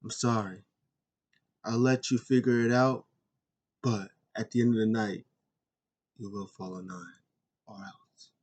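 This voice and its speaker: A man putting on the voice of a calm, cold wrestling champion who speaks low and quiet, trailing into a whisper. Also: unhurried, pauses often. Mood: menacing.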